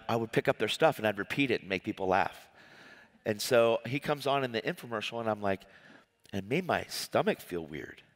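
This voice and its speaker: Guy preaching his testimony in a big hall, long echo, gets worked up, keeps restarting lines. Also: mid-range voice. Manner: animated, emotional storytelling with many restarts. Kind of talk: personal testimony sermon.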